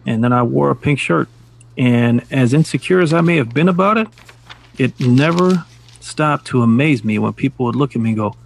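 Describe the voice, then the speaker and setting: A middle-aged man with a gravelly, somewhat husky voice, chatting on a casual podcast. He tells stories in a reflective, measured way and chuckles at his own jokes. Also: mid-range voice, expressive. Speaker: podcast co-host. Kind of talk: casual chat.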